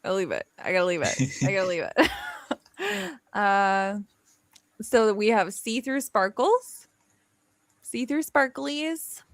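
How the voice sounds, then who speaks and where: A woman's voice: mid-range voice, very animated, slow pace, no echo. A woman hosting a livestream, chatting casually with playful, teasing banter. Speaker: livestream host. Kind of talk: casual chat.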